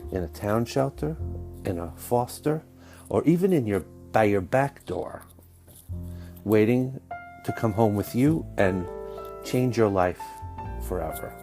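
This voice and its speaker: A man's voice: fairly low pitch, warm tone. A man hosting his own podcast, chatty and enthusiastic, with a scratchy voice while he gets over a stomach bug. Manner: chatty, enthusiastic, self-deprecating. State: scratchy voice, getting over illness. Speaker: podcast host. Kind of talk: solo podcast intro.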